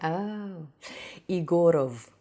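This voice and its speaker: A young woman from Russia with a Russian accent, teaching pronunciation in a reaction video, explaining with many pauses and repeating sounds to demonstrate them. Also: fairly low pitch, animated, warm tone, faint music behind. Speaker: language teacher.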